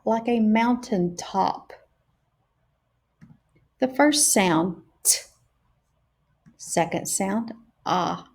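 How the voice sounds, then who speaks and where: Woman teacher sounding out words for little kids, super slow, stretches every sound. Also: mid-range voice, darkish tone. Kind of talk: phonics lesson for young children.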